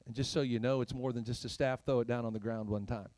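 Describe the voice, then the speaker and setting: A male pastor preaching a sermon in an emphatic, rhetorical way. He swings from loud questions to hushed whispers and adds playful asides with chuckles. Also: medium pitch, steady tone, fast talker, no room sound.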